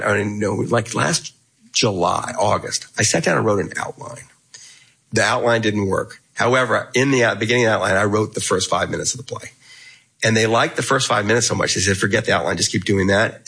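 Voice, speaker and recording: Gravelly, bright-toned man telling a story. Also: lowish voice, poor audio. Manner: animated anecdote-telling with quoted dialogue and laughs. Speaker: guest author. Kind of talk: casual storytelling in an interview.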